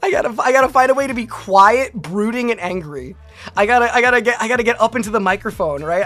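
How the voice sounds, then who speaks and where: Rambling streamer woman, bright voice. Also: mid-range voice, lively intonation, fast. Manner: rambling, many "like" and "right?". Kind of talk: casual live-stream chat reacting with viewers.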